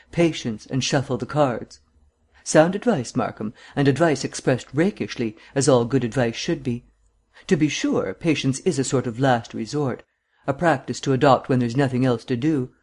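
A man reading an urbane, witty gentleman detective who drawls and lectures in ornate, mocking sentences. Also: medium pitch, natural voice. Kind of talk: audiobook reading.

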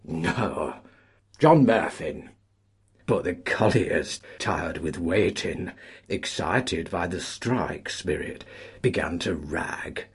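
A man narrating a story, measured and expressive. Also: sits low, husky. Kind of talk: audiobook narration.

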